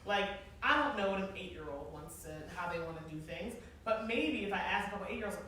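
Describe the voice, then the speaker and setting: A woman in her forties telling stories to an audience in a casual, animated way, laughing often and using many fillers. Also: mid-range voice, fast. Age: 40s. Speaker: guest speaker, former event planner. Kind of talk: casual storytelling talk to an audience. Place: large echoey hall. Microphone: far from the mic. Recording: echoey hall, distant mic, faint noise.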